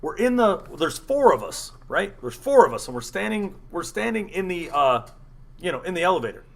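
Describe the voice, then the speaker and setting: A man tells a story to friends on a casual talk show. He swears freely and his fairly high voice swoops up and down with energy. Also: fairly quick, gravelly. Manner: animated, profane, acts out quotes. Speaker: podcast host.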